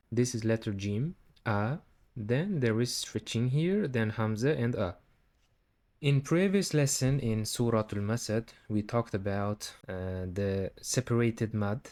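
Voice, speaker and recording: A man gives a recitation lesson at an unhurried, deliberate pace. He explains each sound patiently and repeats words slowly so a beginner can follow. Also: fairly low pitch, a little mellow. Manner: patient, repeats each Arabic word slowly to demonstrate pronunciation. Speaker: Quran recitation teacher.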